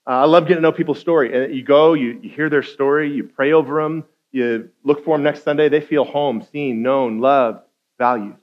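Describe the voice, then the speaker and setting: A guest preacher, a man with a somewhat high voice, talks to his congregation in a relaxed, conversational way. He slips into acted-out quotes and builds to loud, intense stretches. The sound is muffled and a little dull. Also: fast. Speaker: guest speaker. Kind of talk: sermon.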